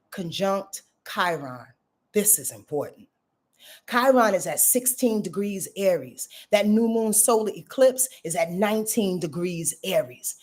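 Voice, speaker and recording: A woman's voice: medium pitch, a little mellow. A woman astrologer giving a live reading, emphatic and talking straight to her viewers, repeating phrases and laughing at her own jokes, with features.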